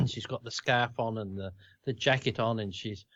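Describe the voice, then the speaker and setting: A man's voice: fairly low pitch, normal speed, dry recording. An Australian man co-hosting a casual talk show, telling anecdotes in a chatty way. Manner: chatty storyteller, laughs into his anecdotes. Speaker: podcast co-host. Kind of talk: casual chat. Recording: dull, dry lo-fi sound.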